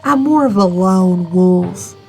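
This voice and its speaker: A woman doing a gruff, drawling country brawler. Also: on the low side, animated, takes it slowly, soft background music, voice pushed down. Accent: Southern US country. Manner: curt, clipped, drawling replies. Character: gruff country lone-wolf brawler, terse and guarded.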